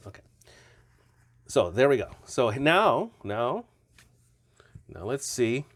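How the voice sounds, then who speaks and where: A man's voice: mid-range voice, big pitch swings, slow, pauses often, no echo, clean studio sound. A man casually reviewing stretchy toy figures, chatty and rambling, often correcting himself mid-sentence.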